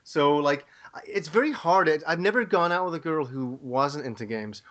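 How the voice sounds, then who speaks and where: A man telling an anecdote in casual podcast chat, animated and quick to agree. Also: on the high side, lo-fi sound.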